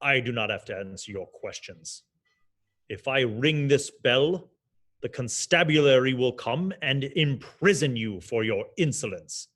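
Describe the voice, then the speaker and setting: A man's voice: medium pitch, lively intonation, unhurried, a bit bright. A man voicing a haughty, cruel male baron in a tabletop game, pompous and commanding.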